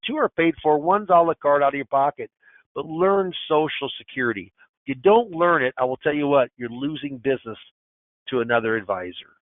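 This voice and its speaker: A man's voice: mid-range voice, no room sound. A man in his sixties giving a webinar as a financial advisor, talking in an emphatic, folksy way that restarts and repeats phrases. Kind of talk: webinar presentation. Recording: tinny phone-like line.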